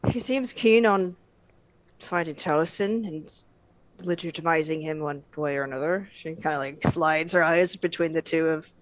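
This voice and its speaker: A woman's voice: low voice, moderate pace. A woman player in a tabletop game, speaking in character, hesitant and nervous, with many fillers. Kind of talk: in-character tabletop role-play.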